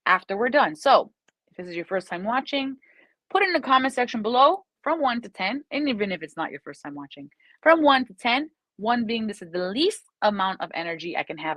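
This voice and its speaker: A woman giving a chatty, animated live-streamed tarot reading as a psychic reader. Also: fairly high pitch, dry recording, rough recording.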